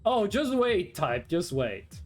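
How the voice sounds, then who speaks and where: A young adult streamer telling long, wandering stories in a chatty, profane way. The pitch swings widely up and down, and faint music plays underneath. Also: takes it slowly. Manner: rambling, animated storytelling, swearing. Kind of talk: casual chat with chat readers.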